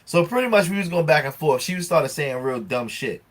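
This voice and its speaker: A man's voice: a little high, animated, a little fast. A man co-hosting a casual podcast, animatedly retelling an argument with plenty of swearing and acting out both sides. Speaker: podcast co-host. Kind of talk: casual chat.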